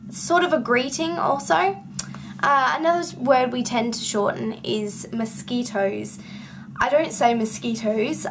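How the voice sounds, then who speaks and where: An Australian woman talks casually to camera, her voice sitting slightly high. She speaks slowly, with plenty of ums and upward lifts at the ends of her sentences. A faint hum of background noise sits behind her. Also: a bit bright. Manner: chatty with frequent ums and rising ends of sentences. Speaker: vlogger.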